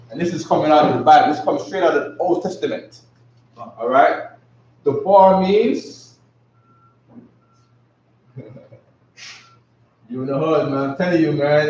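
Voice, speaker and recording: Teaching a class, this man speaks in a slightly high, somewhat mellow voice, keeping things casual and full of slang while constantly checking in with "you know what I'm saying." The sound is dull and lo-fi, picked up by a far-off mic in a room with echo.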